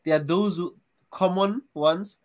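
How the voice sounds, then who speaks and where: South African man, measured talk. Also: high-pitched, darkish tone. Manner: measured, explains at length with many fillers. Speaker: podcast host. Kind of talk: casual panel chat.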